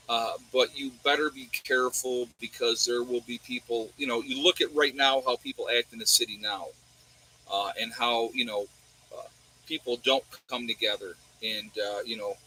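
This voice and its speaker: Answering viewer chat in a rambling way, this New York-accented livestreamer from New York State often throws rhetorical questions at his audience. His voice is medium-pitched, husky, pushed and bright, and the recording is rough.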